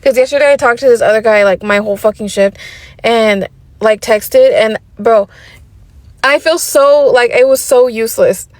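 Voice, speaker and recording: A woman's voice: a little high, moderate pace, no echo. A woman venting in a casual rant, irritated and swearing heavily.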